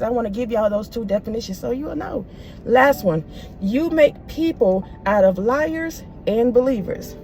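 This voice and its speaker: A woman's voice: fairly high pitch, dark tone, a little hiss or hum. A woman delivering an emphatic, preachy spiritual reading message to her viewers, in casual, repetitive, slangy phrasing and calling them "baby" again and again. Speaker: spiritual reader.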